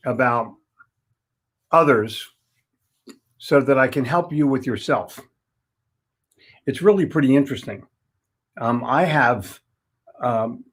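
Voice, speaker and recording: Emphatic older man in his seventies. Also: on the high side. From Philadelphia, United States. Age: 70s. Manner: emphatic, folksy and blunt, leaning on repeated words. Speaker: sales trainer. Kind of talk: motivational talk to camera.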